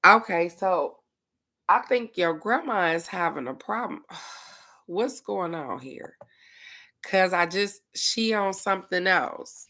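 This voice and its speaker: A woman's voice: lowish voice, expressive, slow pace, pushed and bright. A middle-aged woman hosting a casual livestream, chatting informally and laughing often as she talks to her viewers. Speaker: livestream host.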